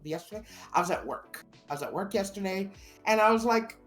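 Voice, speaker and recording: A podcast co-host tells a story in casual chat, animated and swearing freely as she acts out what people said. She talks briskly in a mid-range voice, with faint music playing behind her.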